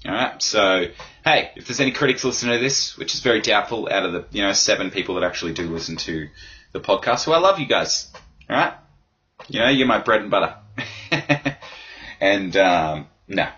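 A deep-voiced man hosts a casual solo podcast, hoarse and rambling with crude, self-deprecating humour. His tone is bright and forceful. The recording sounds dull and lo-fi. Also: expressive, normal speed. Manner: rambling, crude, self-mocking with frequent laughs. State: hoarse from yelling. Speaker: podcast host.

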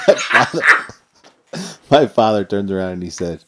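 A man's voice: low voice, normal speed, a little hiss or hum. A man co-hosting a podcast, telling a family story in a rambling way with many fillers. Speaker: podcast co-host. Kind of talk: casual anecdote telling.

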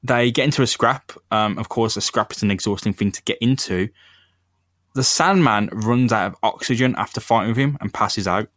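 A man's voice: fairly low pitch, moderate pace, fairly bright tone, no echo, studio quality. A man co-hosting a casual comic-book podcast, laid-back and slangy, often slipping into silly voices. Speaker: podcast co-host.

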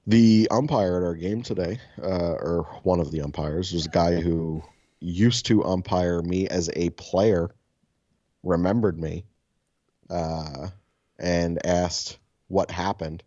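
A man's voice: deep voice, takes it slowly, warm tone, no room sound, lo-fi sound. A man in his thirties co-hosting a casual podcast, telling rambling stories full of swearing. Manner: profane, rambling storyteller. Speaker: podcast co-host.

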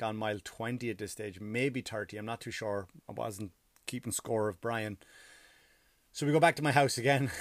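A man's voice: medium pitch, a bit bright, no echo. A tired, profane ranting man. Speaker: comedian. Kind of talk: casual storytelling monologue.

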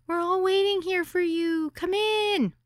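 A woman's voice: steady tone, a little slow, dry recording, studio quality. A woman voicing a tiny young hostess whose voice sounds childlike, breathless and polite. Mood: eager. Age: young adult. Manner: high, sweet, breathless.

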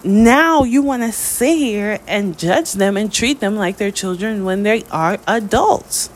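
An American woman delivering a spoken opinion monologue, emphatic, with her pitch rising on key points. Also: unhurried. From United States.

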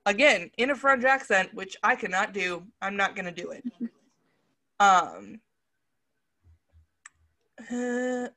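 A woman's voice: medium pitch, takes it slowly, long pauses, bright, forceful tone. A woman hosting a casual podcast, reading quiz quotes aloud, giggly and self-conscious, and refusing to put on accents. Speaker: podcast host.

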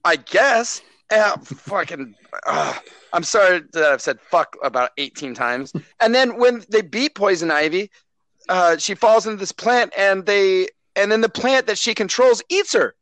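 A man co-hosting a podcast, ranting about a movie with swearing and loud indignant bursts, right up on the mic. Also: high-pitched, animated, unhurried, dry recording, rough recording. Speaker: podcast co-host. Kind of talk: casual podcast rant. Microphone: close mic, speaking too loud into it.

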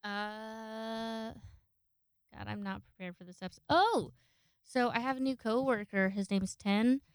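Woman, podcast host, casual solo chat, rambling, swears a lot, smooth clear voice, dry close sound. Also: fairly high pitch, unhurried, no room sound. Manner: rambling, swears freely, acts out quoted people.

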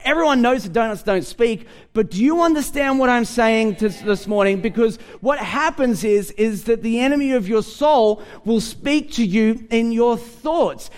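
A man preaching a sermon to a congregation, animated and humorous, often repeating words as he starts sentences. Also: very high voice, normal speed, few pauses, clear, resonant tone. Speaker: pastor.

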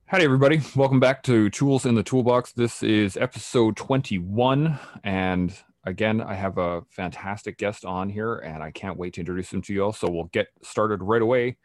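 A man's voice: fairly low pitch, normal speed, few pauses, dry recording. A man hosting a podcast interview, a former army instructor, greeting listeners upbeat and keeping prompts short.

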